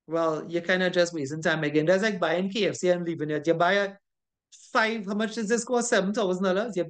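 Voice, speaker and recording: A course instructor from Trinidad with a Trinidadian accent, lecturing an online class in an emphatic, scolding way, repeating points and ending lines with a questioning tag. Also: mid-range voice.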